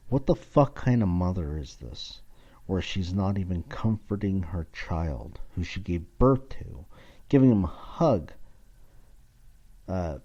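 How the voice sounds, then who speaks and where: A man's voice: low-pitched, dark tone. A man around forty hosting a podcast, giving a blunt, profane casual monologue. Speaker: podcast host. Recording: dull lo-fi recording.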